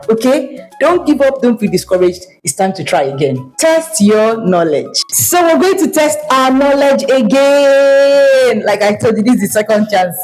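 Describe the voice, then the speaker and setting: A woman's voice: mid-range voice, a little mellow. A woman teaching children tone marks, encouraging them and sliding her voice up and down to show each tone. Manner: encouraging, drills words with sliding tones. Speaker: Igbo language teacher for children. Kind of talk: online language lesson.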